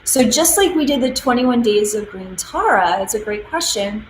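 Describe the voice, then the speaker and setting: A woman's voice: fairly high pitch, animated, normal speed, echoey room, a little hiss or hum, rough recording. A woman hosting a spiritual livestream in casual talk, emotional and gushing, with many ums and likes.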